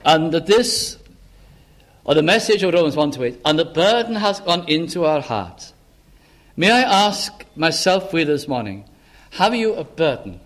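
A man preaching a sermon in church, earnest, slowing down and lifting his voice on the words he stresses. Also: on the high side, sing-song, fairly bright tone. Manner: earnest, slows down and rises for emphasis.

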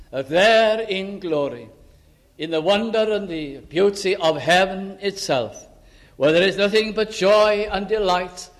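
Man, preacher, sermon, high voice, urgent pleas and hushed asides, old-fashioned scripture quotes. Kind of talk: sermon on a psalm.

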